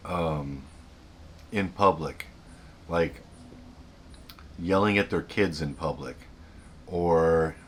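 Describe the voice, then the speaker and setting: A man's voice: low-pitched, very slow, pauses often, a bit bright, slight background noise. A man hosting a self-help video, giving earnest unscripted advice, often repeating and restarting his sentences.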